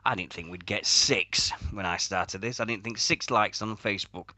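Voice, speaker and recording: A young British man hosting a wrestling radio show, chatting casually with lots of swearing and loud outbursts. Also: moderate pace, no echo. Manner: loud, swearing, bursts into high-pitched outbursts.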